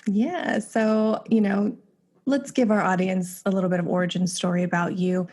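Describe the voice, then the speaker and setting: A woman's voice: mid-range voice, steady tone, moderate pace, darkish tone. A woman in her thirties hosting a podcast, talking in a chatty, enthusiastic way and reading sponsor ads. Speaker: podcast host. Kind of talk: casual podcast talk and ad reads.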